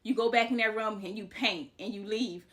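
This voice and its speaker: A woman's voice: medium pitch, fairly quick, fairly bright tone, lightly acted. A woman voicing a rude, irritable wife who scolds and snaps at people in her home. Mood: curt. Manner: curt, scolding.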